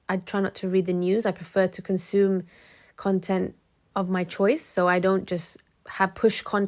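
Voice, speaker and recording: A woman giving casual advice straight to the camera, chatty and prone to digressions. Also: mid-range voice. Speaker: motivational video creator.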